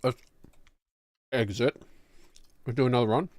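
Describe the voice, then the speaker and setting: Middle-aged New man hosting a stream, mid-pitched, chatty and rambling, dry close sound. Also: fairly even intonation, a little slow, a little mellow, dry recording. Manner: chatty, rambling, upbeat greetings. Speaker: streamer host. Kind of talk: casual gaming stream chat.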